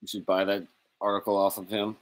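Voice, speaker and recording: A man's voice: on the low side, monotone, brisk. A man in a casual podcast chat who makes blunt, sarcastic remarks with plenty of swearing.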